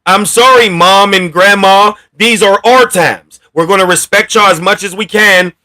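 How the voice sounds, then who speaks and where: A man hosting a casual commentary rant, blunt and profane, talking with animated energy. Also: high voice, normal speed. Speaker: commentary channel host.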